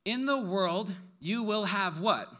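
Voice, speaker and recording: A young man delivers a sermon to his congregation. His voice sits high and rings with a sharp brightness. He tells his stories in an animated way, full of quick asides and laughs. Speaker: pastor.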